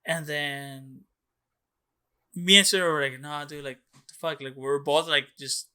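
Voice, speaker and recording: A young man tells a story on a casual podcast, rambling and loose, with plenty of "like" and "dude" and frequent swearing. His voice is bright and forceful, sitting a little higher than most men's. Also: fairly even intonation, measured pace, clean tone. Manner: rambling, profane, many "like"s and "dude"s. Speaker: podcast co-host.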